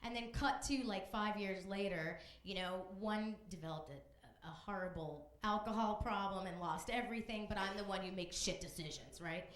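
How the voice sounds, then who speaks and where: A woman's voice: medium pitch, moderate pace, few pauses, a bit bright. A woman comedian from Texas doing a conversational stand-up set, bantering with the crowd on a club stage. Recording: echoey live club room.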